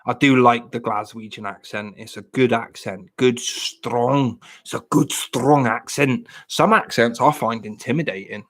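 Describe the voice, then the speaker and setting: A man's voice: medium pitch, unhurried, few pauses. A man from Plymouth with a broad Janner accent, rambling and joking in casual livestream chat. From Plymouth, England. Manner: rambling, jokey, self-mocking. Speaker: livestream host.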